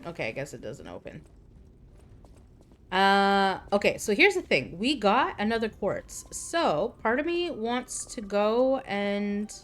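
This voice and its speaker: A woman's voice: mid-range voice, sing-song, slow. A young woman streaming a game, chatting casually, joking and reading game text aloud. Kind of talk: casual gameplay commentary.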